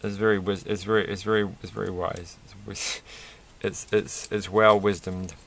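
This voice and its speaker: A man's voice: fairly low pitch, level tone, moderate pace, vocal fry, fairly bright tone. A man rambling through a toy build with self-mocking, off-the-cuff commentary, laughing at his own jokes. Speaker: toy reviewer building a set.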